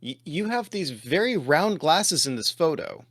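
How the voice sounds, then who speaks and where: Man, podcast co-host, teasing, questioning, slightly high voice. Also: very animated, a little slow, a bit bright. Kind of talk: casual chat.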